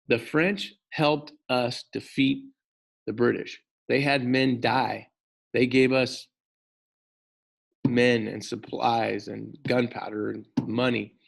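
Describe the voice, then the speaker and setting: A man teaching a history lesson in an animated way, talking straight to his students and often repeating words as he goes. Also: medium pitch, vocal fry. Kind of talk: classroom lecture.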